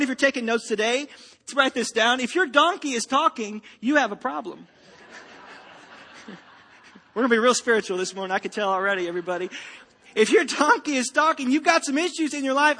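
Man, preacher, sermon, joking storyteller, bright voice, hall reverb. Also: very high voice, breathy edge. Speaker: pastor.

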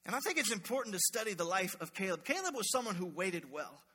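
A male pastor preaches in a very high, slightly rough voice with a tense, cutting brightness, swinging widely in pitch at a quick pace. Brimming with playful energy, he calls out to the congregation, and the church sanctuary gives the sermon a long, trailing reverb.

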